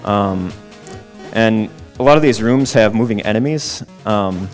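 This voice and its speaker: A man with a lowish voice patiently walks through what is happening in a speedrun, peppering it with "um"s. Faint music plays behind him. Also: unhurried. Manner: explanatory, many "um" fillers. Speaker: game commentator. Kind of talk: casual live speedrun commentary.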